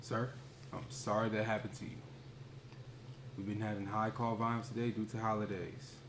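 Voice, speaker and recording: A man's voice: lowish voice, flat delivery, moderate pace, lightly acted. A man playing a polite customer service agent who answers an angry caller in a scripted tone. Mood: calm. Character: calm male airline phone agent. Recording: noisy recording with clicks.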